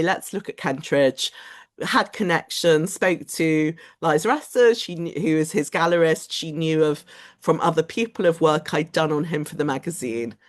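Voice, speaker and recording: A woman giving a lecture in a chatty, animated storytelling manner, often quoting other people's voices. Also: sits low. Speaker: guest lecturer. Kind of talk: lecture to a study group.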